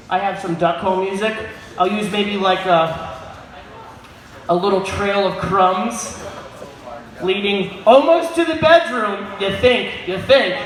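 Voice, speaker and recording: A man doing a crude, crowd-baiting stand-up set on a pub stage, often shouting at the audience. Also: sits high. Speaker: stand-up comedian. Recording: echoey room with crowd noise.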